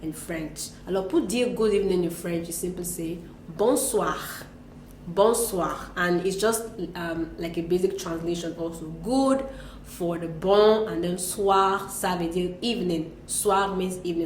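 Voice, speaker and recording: A lower-pitched woman teaching French in a relaxed, patient way. She explains step by step and slips French phrases into her English. The room sounds echoey, with a faint hum of ambience behind her. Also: moderate pace. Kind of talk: casual language lesson.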